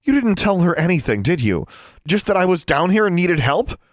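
Brief: man voicing a wounded storybook witch, firm and commanding, raised pitch, lively delivery. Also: moderate pace, no room sound, studio quality, natural voice. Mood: urgent. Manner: forceful, commanding. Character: young witch, hurt but commanding.

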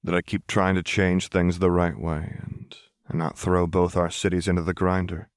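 A man reading the part of a blunt, tough woman enforcer who talks in rough, casual slang. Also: sits low, level tone, normal speed, no echo, clean studio sound. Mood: earnest. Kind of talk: audiobook reading of fan fiction.

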